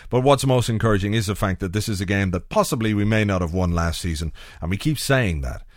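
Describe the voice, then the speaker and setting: Chatty podcast host, upbeat, dry close mic. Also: male voice, fairly low pitch, expressive, fast talker, no echo. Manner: chatty, upbeat, with frequent fillers. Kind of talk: football podcast chat.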